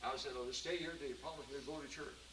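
A man's voice: medium pitch, steady tone, rapid-fire, background noise. A man preaching a sermon, telling a story and rising to emphatic exhortation.

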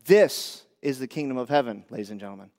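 A man preaching a sermon, moving between hushed prayer and playful, teasing storytelling with his congregation. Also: medium pitch, expressive, quick pace, long reverb tail. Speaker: pastor. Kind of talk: sermon with live demonstration.

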